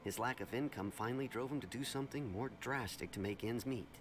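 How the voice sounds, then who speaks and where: A man voicing a calm, reserved townsman who keeps an eye on the city and speaks in a measured, polite way. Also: medium pitch, close to an everyday voice. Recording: game audio with clear background noise.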